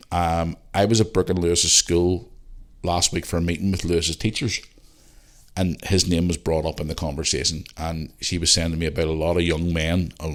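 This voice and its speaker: A man in his forties with a very deep, low voice, hosting a podcast solo. He rants in a loose, opinionated way, swears often and hammers his points home by repeating them. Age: 40s. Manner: ranting, swears freely, emphatic repetition. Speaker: podcast host. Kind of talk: opinionated casual monologue.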